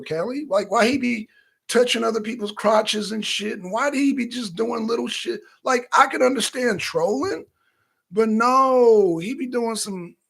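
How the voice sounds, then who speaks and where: A man co-hosting a talk show, talking in a loose, profane, animated way and often acting out his own reactions. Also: high voice, gravelly, breathy edge. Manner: animated, loose and profane, slips into quoting himself. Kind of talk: casual profane commentary.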